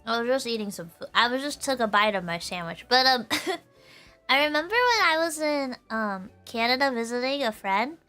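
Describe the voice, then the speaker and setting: A woman streamer chatting casually with her viewers in a high, girlish voice, giggling often and filling her talk with "like". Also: lively intonation, normal speed, sharp tone, soft background music. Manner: giggly, laughs often, full of "like" fillers.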